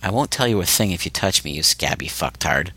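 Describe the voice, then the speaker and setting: A man voicing a defiant, sharp-tongued young goth woman held captive, speaking bluntly with scorn and curses. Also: sits low, expressive, fairly quick, slightly rough, dry recording, heavily acted. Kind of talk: audiobook character reading.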